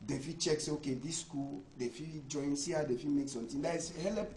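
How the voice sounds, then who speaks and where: Mellow Cameroonian Pidgin man in echoey room. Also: a little high, a little fast, slight background noise. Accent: Cameroonian Pidgin English. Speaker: debate panelist.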